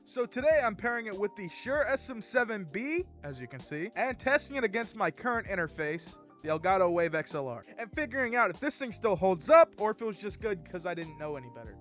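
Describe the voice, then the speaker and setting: Brief: young male host, bright higher voice, lively chatty review delivery. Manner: upbeat, chatty walkthrough. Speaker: gear reviewer, channel host. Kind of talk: casual product review.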